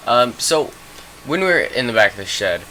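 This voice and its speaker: A man's voice: medium pitch, very animated, measured pace, pushed and bright, slight background noise. A young man telling a rambling, profane story in a casual storytime vlog, full of fillers.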